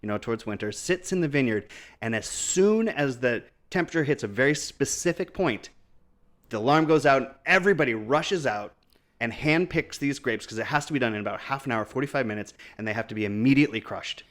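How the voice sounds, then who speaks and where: A man's voice: mid-range voice, animated, a little fast, a bit bright. A man in his thirties, podcast co-host, chatting casually and explaining wines knowledgeably, often laughing. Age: 30s. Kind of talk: casual chat.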